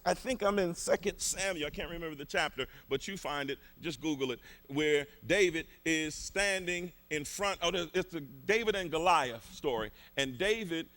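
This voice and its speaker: Fervent high-voiced preacher. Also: male voice, expressive, moderate pace, few pauses. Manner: fervent, colloquial, repetitive, shouting at peaks. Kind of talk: sermon.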